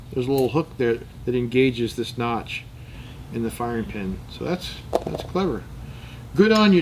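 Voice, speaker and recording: A man's voice: medium pitch, slight background noise, poor audio. A man chatting casually as host, thinking aloud and joking in rambling tangents while he works with his hands. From United States. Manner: thinks aloud, muttering to himself while working. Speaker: channel host. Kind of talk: casual chat while taking apart and cleaning a gun.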